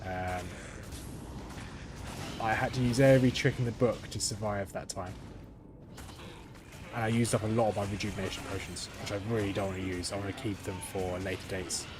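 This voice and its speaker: A young man streams a game and gives live commentary, thinking aloud in a chatty way full of ums and restarts. His voice is on the low side, at a moderate pace with frequent pauses, over steady background noise.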